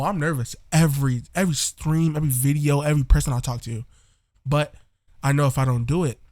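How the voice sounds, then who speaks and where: A man's voice: mid-range voice, darkish tone, no room sound, studio quality. Chatty young man giving voice tips. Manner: slangy, chatty, encouraging. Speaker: voice tutorial creator. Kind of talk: casual tutorial chat. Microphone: close home mic.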